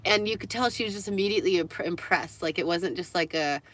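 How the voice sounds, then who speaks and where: Speaking fast in a lowish voice with no echo, a woman livestreams to her audience. She rambles, laughs a lot and swears without holding back.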